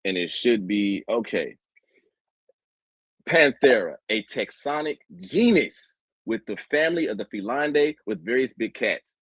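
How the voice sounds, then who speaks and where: Husky mocking man debating. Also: mid-range voice, very animated, moderate pace, a bit bright, dry recording, low-quality recording. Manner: mocking, lecturing. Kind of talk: heated online debate.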